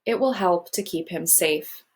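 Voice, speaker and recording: A woman voicing a calm, mysterious male graveyard guardian in a storybook reading, speaking quietly and in a measured way. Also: on the low side, slightly rough.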